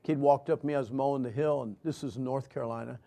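A man preaching a sermon and telling his own story earnestly, moving between loud emphasis and hushed lines. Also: medium pitch, steady tone, racing, vocal fry. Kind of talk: sermon with personal testimony.

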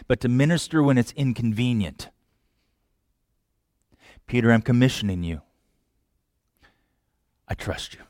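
A man preaching a sermon with passion, dropping to hushed lines and then rising loud. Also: mid-range voice, no room sound, studio quality. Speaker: pastor.

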